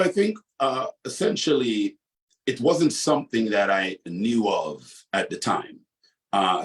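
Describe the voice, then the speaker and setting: A man's voice: lowish voice, fairly bright tone, distant mic, low-quality recording. A man from the West Indies being interviewed, telling a long personal story in a rambling way, with many fillers and restarts.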